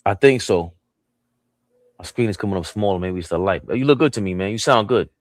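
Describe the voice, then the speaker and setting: A man's voice: fairly low pitch, animated, a little fast, dry recording. A man hosting a sports talk stream, ranting in a heated, profane way. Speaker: host.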